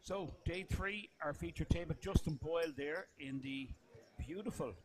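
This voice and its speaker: A man commentating live poker, calmly breaking down each hand. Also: on the high side, moderate pace, noisy background. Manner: analytical, explains the hand play.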